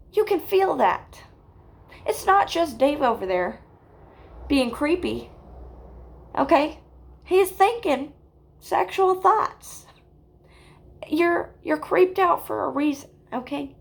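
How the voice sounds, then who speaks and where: A woman with a high voice delivers a mock spiritual lecture at an unhurried, drawn-out pace. She keeps it deadpan and keeps checking in with her listeners with "okay?". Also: creaky. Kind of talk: deadpan parody self-help lecture.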